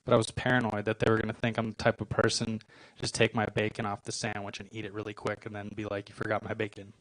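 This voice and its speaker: A man in his twenties performing a stand-up comedy set on a club stage, with a deadpan, self-deprecating delivery and short punchlines. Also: mid-range voice, dry recording, poor audio. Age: 20s.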